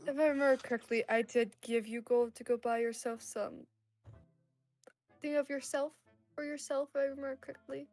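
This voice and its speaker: A woman player in a tabletop game, teasing and quick with banter. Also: high-pitched, fairly even intonation, darkish tone, soft background music. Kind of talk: casual tabletop play.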